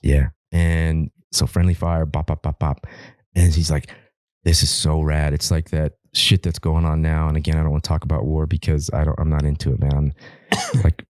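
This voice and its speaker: A man from Alaska with an extremely deep, dark and mellow voice tells a long story on a podcast. He rambles, swears freely and keeps restarting his sentences. The recording is dry and close. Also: level tone, brisk, no room sound. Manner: rambling, profane, repeats words and restarts often. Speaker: podcast guest, wildland firefighter.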